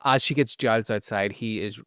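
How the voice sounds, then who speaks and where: Nordirischer Mann, lebhaft und derb. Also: male voice, lowish voice, normal speed, clear, resonant tone, no echo, clean studio sound. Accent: Northern Irish. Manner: animated, profane storytelling with frequent laughs. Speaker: podcast co-host. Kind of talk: casual episode recap.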